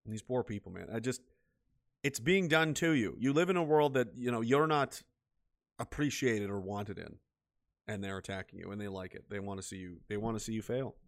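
A man's voice: lowish voice, a little fast, vocal fry. A man delivering a bitter, profane solo rant as a vlogger, repeating himself as he goes. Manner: profane, repetitive, bitter and heated. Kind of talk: ranting solo monologue.

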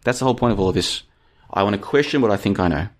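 A man hosting a live-stream podcast, talking casually and reading chat, with an animated, rhetorical way of speaking. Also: fairly low pitch, rapid-fire. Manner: chatty, animated, rhetorical questions.

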